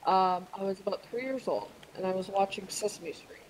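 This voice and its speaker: A woman's voice: medium pitch, brisk, low-quality recording. A woman chats casually on a stream, easing through a childhood story. Her voice sits mid-range with a faint hum behind it. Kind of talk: casual chat on a live stream.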